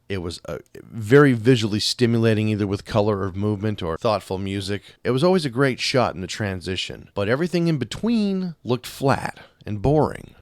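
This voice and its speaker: Brief: male podcast film reviewer, lowish voice, dry close sound, animated and profane. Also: no room sound. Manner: animated, acts out characters and swears freely. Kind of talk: casual spoken film review.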